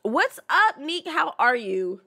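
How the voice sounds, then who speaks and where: A woman's voice: high-pitched, big pitch swings, slow, vocal fry, sharp tone. A woman streamer chatting casually while playing and reading signs aloud, often stumbling and restarting mid-sentence.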